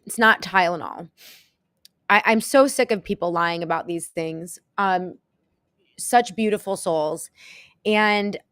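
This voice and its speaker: A woman hosting a live show, talking to her viewers in a halting, emotional way and close to tears. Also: on the low side, fairly bright tone, dry recording. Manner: halting and emotional, many pauses and restarts. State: tearful, close to crying. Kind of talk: casual live-stream talk to viewers.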